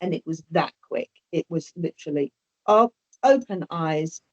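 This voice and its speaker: A woman's voice: low voice, lively intonation, moderate pace. A woman telling a personal story as an interview guest, hesitant and often repeating or restarting her words. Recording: dull lo-fi audio.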